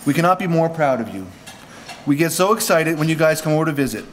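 A man's voice: fairly high pitch, animated, fast talker, slight background noise. A man from Canada giving a joking wedding speech at a reception, reading prepared lines with humor. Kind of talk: wedding toast.

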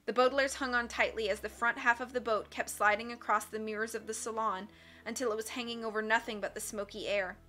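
Woman reader, storybook, bright voice, slightly high, soft music behind. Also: fairly even intonation, fast talker. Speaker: audiobook reader. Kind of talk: storybook reading. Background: faint background music.

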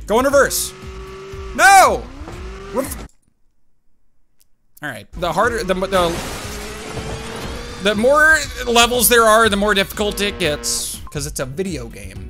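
A man in his let's-play commentary, reacting with excitable outbursts and talking back at the game as he plays. His voice sits fairly high and swings up and down a lot. Game music plays clearly underneath him. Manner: excitable, talks to the game and himself, jumpy outbursts. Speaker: gaming YouTuber.

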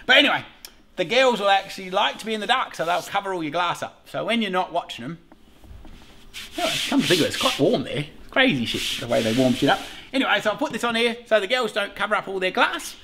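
A man's voice: high-pitched, sing-song, quick pace, pushed and bright, a little hiss or hum. A middle-aged Australian man hosting a casual beekeeping vlog, rambling along, swearing freely and laughing often. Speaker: beekeeper host.

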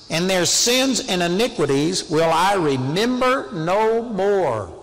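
A male preacher with a slightly high voice delivers a sermon in an earnest, conversational manner. He climbs to sudden emphatic peaks when he drives a point home. His voice rings with a long reverb, as if he is speaking in a large hall.

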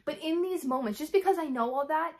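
A young woman with a fairly high voice speaks in an earnest, rambling way for a faith vlog. She keeps breaking into quoted prayers and uses plenty of casual fillers. She sounds frustrated but still hopeful. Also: fast. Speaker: Christian vlogger. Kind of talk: candid devotional vlog talk.

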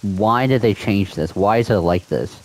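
Low-voiced young man ranting, annoyed. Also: normal speed, a little mellow, rough recording. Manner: frustrated, repetitive, ranting. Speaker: gaming video creator. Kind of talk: casual gaming vlog rant.

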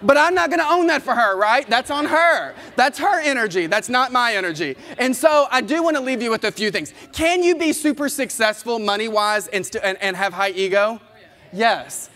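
A man, giving an animated, playful motivational keynote and talking straight to the audience. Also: high voice, normal speed. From Kentucky, US. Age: 30s. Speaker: keynote speaker. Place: large conference hall. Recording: long hall reverb.

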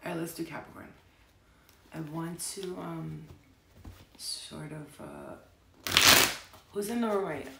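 A young woman gives a loose, rambling tarot reading, swearing freely as she chats. Her lowish voice has a gravelly fry to it. The sound is roomy and echoey, with a faint hiss behind her. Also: slow pace, pauses often. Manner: rambling, profane, chatty. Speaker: tarot reader. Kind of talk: casual tarot reading stream. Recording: echoey room with faint noise.

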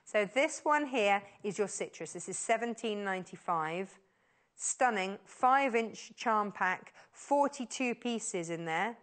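A woman presenting on a shopping channel, giving a live on-air sales pitch in a gushing, enthusiastic way that keeps repeating words of praise. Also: animated, slow pace, a bit bright. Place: TV studio.

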